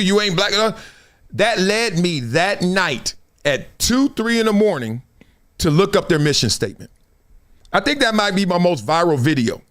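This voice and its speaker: Male host, middle-aged, high and lively voice, casual storyteller who acts out the quotes. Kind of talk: casual live-stream talk.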